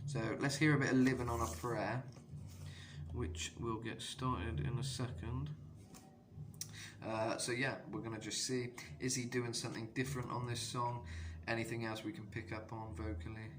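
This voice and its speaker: A man in the middle of his range talks through a casual singing lesson as a vocal coach. He rambles and restarts, leaning on fillers. A steady background noise runs under the recording. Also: mid-range voice, normal speed. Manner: rambling, filler-heavy, bursts into sung demos.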